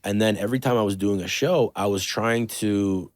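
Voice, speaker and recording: A man's voice: on the low side, normal speed, darkish tone, no room sound. A young man from the Toronto area hosting a podcast, telling stories in a loose, casual way, swearing and using lots of fillers. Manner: loose and profane, with many fillers. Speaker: podcast host. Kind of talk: casual storytelling chat.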